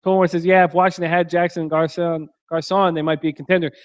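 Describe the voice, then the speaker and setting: A man's voice: a little high, flat delivery, quick pace, no room sound. A man hosting a live sports betting stream from a hotel room, reading viewer chat aloud in a crude, joking way and laughing often. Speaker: sports betting show host.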